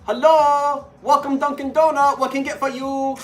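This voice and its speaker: A woman's voice: high voice, level tone, moderate pace, faint music behind, voice pushed up, lightly acted. Woman imitating a sing-song drive-through greeter. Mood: cheery. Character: cheery male drive-through worker greeting customers.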